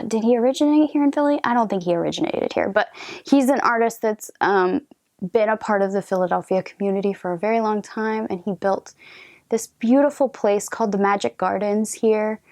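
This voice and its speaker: A woman giving a gentle tarot reading, talking softly with hesitant restarts and frequent drops into a whisper. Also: mid-range voice, no room sound, clean studio sound. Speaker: tarot reader.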